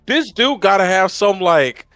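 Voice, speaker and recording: A man co-hosting a TV review podcast, talking in an expressive, exasperated way with swearing. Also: high-pitched, unhurried, no room sound. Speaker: podcast co-host. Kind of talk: casual review chat.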